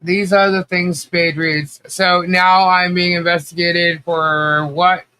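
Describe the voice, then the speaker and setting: A man hosts a relaxed livestream chat, greeting his viewers one by one in an unhurried, drawn-out way. His voice sits on the high side with a bright, sharp edge and a slight nasal stuffiness from allergies. He talks chattily, with plenty of fillers and easy laughter. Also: smooth. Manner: chatty, laughs often, many fillers and restarts. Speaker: livestream host.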